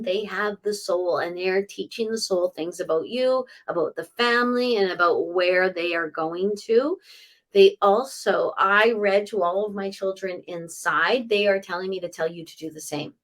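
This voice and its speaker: This middle-aged woman is a psychic medium giving a live reading for viewers. Speaking at medium pitch, she delivers messages conversationally, dropping in brief asides.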